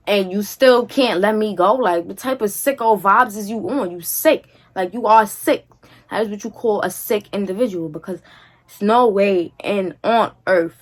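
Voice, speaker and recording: A young woman vlogger, telling a story to camera in a casual, animated, slangy way. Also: mid-range voice. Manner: animated, slangy, repeats "like" and "feel me".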